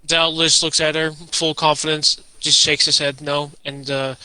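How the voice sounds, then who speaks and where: A man playing a tabletop game who thinks aloud and restarts his sentences. His voice is sharp and bright, crisp and a little high. The recording is dry and close. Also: little pitch movement, measured pace, no echo, poor audio. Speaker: player. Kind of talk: casual tabletop game talk.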